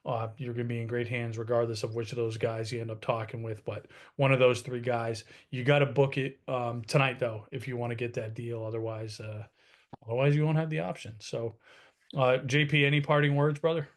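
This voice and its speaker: A man's voice: mid-range voice, little pitch movement, fairly quick. A man in his thirties, co-hosting a webinar, talking in a casual, salesy way with frequent restarts. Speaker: co-host. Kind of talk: webinar talk.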